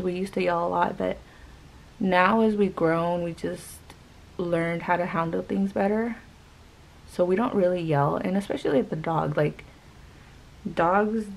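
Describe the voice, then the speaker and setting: This young woman's voice is lowish, gravelly and darkish, captured on a rough recording. She's a vlogger at home telling a rambling, chatty story over her makeup routine, full of "like" fillers.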